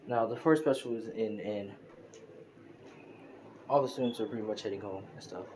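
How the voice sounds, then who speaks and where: A man's voice: on the low side, normal speed, darkish tone, a little hiss or hum. A man casually telling an improvised fan story in a loose, rambling way, recorded on a phone. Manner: rambling, loose, full of filler. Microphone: phone mic, screen recording.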